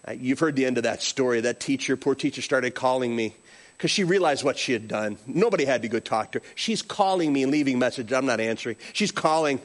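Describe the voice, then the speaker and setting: A man's voice: mid-range voice, fast talker. A middle-aged male pastor preaching a sermon, telling stories with acted-out quotes. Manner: animated storytelling with acted-out quotes.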